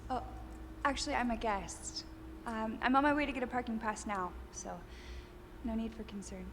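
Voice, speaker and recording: A woman doing a polite young woman, hesitant and a little puzzled, in a fairly high voice. The audio from the video clip carries a long echo and clear background noise. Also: moderate pace, close to an everyday voice.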